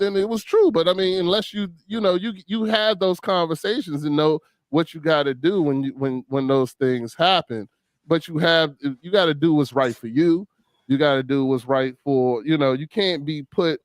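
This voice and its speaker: Man, forties, lively storyteller, higher voice, dry close sound. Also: no room sound. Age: 40s. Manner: animated storytelling, acting out quotes. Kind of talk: casual chat.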